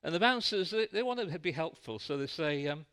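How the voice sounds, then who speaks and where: A man tells a light-hearted story as part of a sermon in a church. His delivery is animated, with a lively, swinging pitch. His voice sits a little on the high side. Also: brisk, clean tone. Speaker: preacher.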